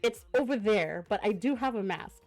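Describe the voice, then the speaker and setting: A woman's voice: mid-range voice, animated, normal speed, darkish tone. A woman streamer chatting to her live viewers, effusive and full of thanks, sounding congested from a cough, into a desk mic. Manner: effusive, gushing thanks to viewers with many fillers. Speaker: variety streamer hosting a guest. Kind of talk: casual live-stream chat. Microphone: desk microphone.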